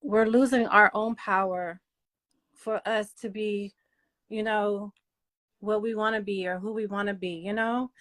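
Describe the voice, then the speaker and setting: A woman hosting her own channel, speaking slowly in a halting, emotional monologue full of fillers and restarts. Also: medium pitch, fairly even intonation, fairly bright tone. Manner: halting, repetitive, many fillers. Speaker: channel host.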